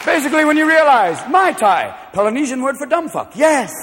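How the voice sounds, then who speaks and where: A man doing a stand-up comedy routine, manic and loud, jumping between shouted voices. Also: extremely high pitch, big pitch swings. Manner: manic, shouting, quick voice switches. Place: comedy stage before a live audience. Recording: live hall recording with crowd noise.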